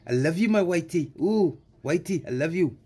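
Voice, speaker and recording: A man's voice: fairly high pitch, animated, moderate pace, warm tone, slightly rough, pitched above the performer's own voice. A man voicing a mocking male official in a put-on South African accent, sing-song and taunting.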